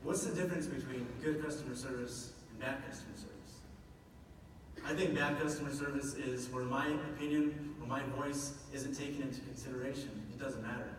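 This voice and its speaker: A man's voice: mid-range voice, fairly even intonation, brisk. Brief: an earnest male speaker in a long-reverb hall, faint room noise behind. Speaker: public speaker from a government office. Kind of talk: prepared public talk. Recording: echoey hall from far off.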